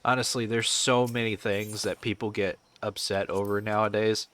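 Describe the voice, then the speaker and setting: A man's voice: on the low side, fairly even intonation, normal speed, fairly bright tone, slight background noise. A man chatting casually on a game stream, rambling and swearing as he answers chat.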